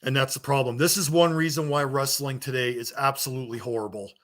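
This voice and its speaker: A man's voice: medium pitch, fairly even intonation, fast talker, a bit bright. A man delivering a heated, blunt rant to his viewers, swearing and scolding them as a wrestling vlogger. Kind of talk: angry rant to camera.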